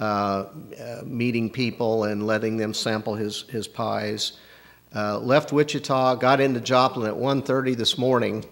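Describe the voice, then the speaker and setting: A man hosting the event and introducing the guest speaker in a plain, matter-of-fact way. He talks at an unhurried pace in a mid-range voice. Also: mid-range voice, fairly bright tone. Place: campus auditorium.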